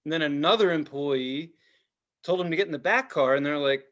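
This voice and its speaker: A man's voice: a little high, a little fast, muffled recording. A middle-aged man, a podcast co-host, telling a story in casual chat, heated and full of swearing. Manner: heated, profane, animated storytelling.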